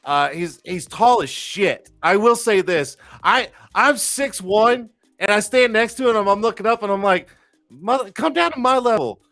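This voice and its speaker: A man's voice: high-pitched, normal speed, few pauses, pushed and bright. A man hosting a casual live-stream talk show, loose, profane and jokey, with lots of fillers and restarts. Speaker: livestream talk show host.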